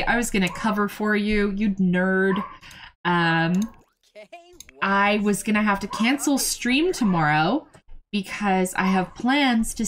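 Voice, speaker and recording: A young woman streams a game in a loose, excitable running commentary, cursing freely as she talks to her chat and to the characters on screen. Her voice sits at an ordinary middle pitch. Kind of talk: casual gameplay commentary.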